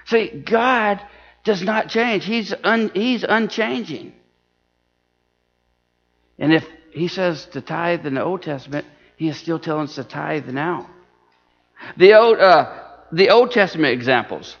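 A man's voice: high-pitched, measured pace, long pauses, a bit bright, soft background music. A man preaching an earnest sermon, repeating words and restarting phrases as he goes. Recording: dull lo-fi recording in a reverberant church hall.

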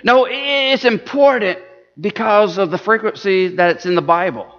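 A man's voice: high voice, moderate pace, fairly bright tone. A man preaching an earnest sermon, repeating words and restarting phrases as he goes. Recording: dull lo-fi recording in a reverberant church hall.

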